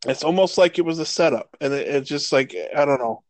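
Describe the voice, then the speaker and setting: A man in his thirties co-hosting a casual sports podcast, swearing freely and ranting with animated energy. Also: on the high side, brisk, no room sound. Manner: profane, animated rants. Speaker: podcast co-host.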